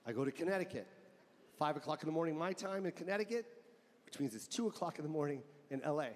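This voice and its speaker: A middle-aged man doing stand-up comedy on an arena stage, telling an animated story, acting out family members and sound effects, swearing often and shouting punchlines. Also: a little high, fast talker. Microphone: handheld stage mic. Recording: live arena show with crowd noise.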